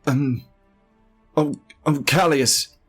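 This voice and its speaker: A man doing a jumpy, easily terrified young scribe in a tabletop game, his voice pushed well above its usual register. He stammers and pleads in a high-strung rush. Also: animated, slow pace, slightly rough, soft background music, exaggerated voice. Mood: wary, nervous.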